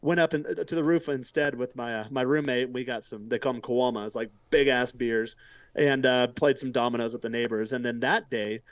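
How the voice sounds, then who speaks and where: A man talks fast as a podcast guest, telling a story casually, acting out quotes and swearing without a second thought. His voice sits at an ordinary middle pitch. It is recorded dry, with no room echo. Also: fairly even intonation. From United States.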